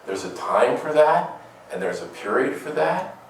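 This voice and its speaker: In a very echoey room, picked up by a distant mic, a man gives a conversational homily full of rhetorical questions, playful asides and frequent repetition. His mid-range voice is sing-song at normal speed, with a little hiss or hum.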